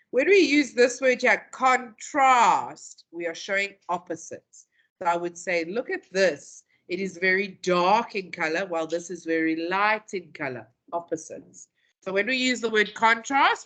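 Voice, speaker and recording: A woman teaching a classroom lesson, playful and dramatic, stretching out key terms slowly and acting out example phrases. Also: mid-range voice, sharp tone. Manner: playful, acts out quotes in dramatic voices.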